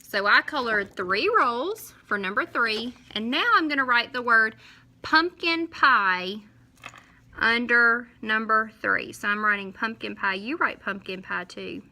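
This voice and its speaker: Bright, sing-song teacher. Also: female voice, fairly high pitch. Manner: slow, sing-song, drawn-out syllables when counting. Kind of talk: recorded class lesson for young children.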